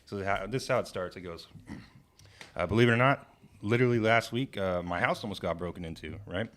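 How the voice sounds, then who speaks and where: A man workshopping a stand-up story in a casual comedy writing session, animated and profane, shouting out the lines he quotes. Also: fairly low pitch, fast.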